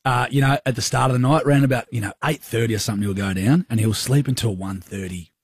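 A young Australian man co-hosting radio, telling a rambling, self-mocking story in a husky voice. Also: medium pitch, fast, dry recording. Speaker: radio co-host. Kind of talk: casual storytelling chat. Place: radio studio.

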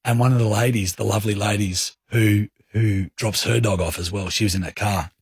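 An Australian man hosting a radio show, telling a story in a casual, animated way and acting out his own anger. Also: lowish voice, fairly quick, breathy edge, dry recording, clean studio sound. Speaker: radio host. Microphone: studio microphone.

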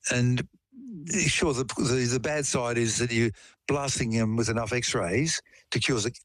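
Man, casual explainer, storyteller, mid pitch, dry close sound. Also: fairly even intonation, measured pace, a bit bright, dry recording, rough recording. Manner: storytelling, explains terms with everyday examples. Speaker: science explainer. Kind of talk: casual chat.

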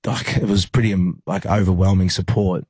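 Australian man, very low voice, husky, rambling with restarts, dry close sound. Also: fairly even intonation, normal speed, darkish tone, dry recording. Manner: rambling, many fillers and restarts. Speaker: rugby league player, interview guest. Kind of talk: emotional personal recollection in an interview.

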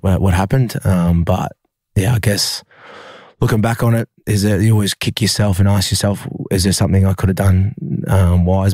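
An Australian man, a rugby league player, telling a painful personal story in an interview, halting with many fillers and restarts. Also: lowish voice, darkish tone, no room sound, clean studio sound.

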